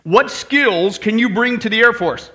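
A man voicing a gruff, commanding male air force general in a joke told during a sermon. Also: high voice, lively intonation, measured pace, sharp tone, exaggerated voice. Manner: commanding, exasperated.

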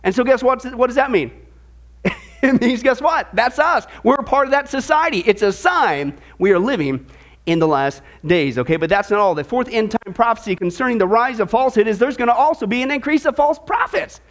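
A man preaching a sermon to his listeners, calling them folks, with repeated words and animated emphasis. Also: very high voice, brisk. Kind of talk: sermon with a joke.

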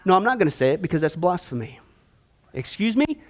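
A man's voice: fairly high pitch, expressive, racing. A man preaching a sermon-style Bible lesson, emphatic and sarcastic, full of rhetorical questions.

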